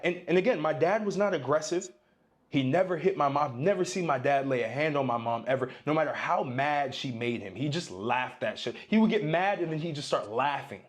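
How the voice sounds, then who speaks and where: A man's voice: a little high, expressive, a little fast. A man casually telling a personal story in a loose, conversational way.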